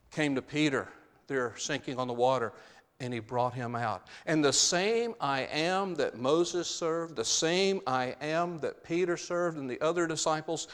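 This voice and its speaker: A man's voice: mid-range voice, in a large hall. A man preaching a sermon, stressing key phrases by repeating them.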